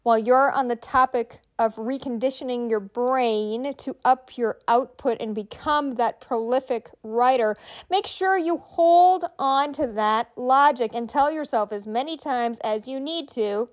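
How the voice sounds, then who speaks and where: Here a middle-aged woman, a writing coach with her own podcast, gives writers warm, chatty advice and urges them toward specific steps. Her pitch is fairly high and she takes her time.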